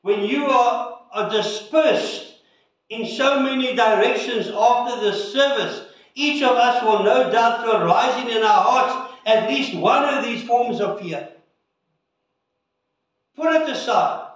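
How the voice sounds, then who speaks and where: A male pastor giving an earnest sermon and prayer with measured pauses, recorded in a church sanctuary. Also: extremely high pitch, fairly bright tone. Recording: echoey church from a distance.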